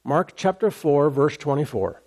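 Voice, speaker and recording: Emphatic preaching man, slightly high voice. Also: big pitch swings, measured pace, a little mellow. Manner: repetitive, emphatic preaching with rhetorical questions. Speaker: pastor. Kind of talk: sermon.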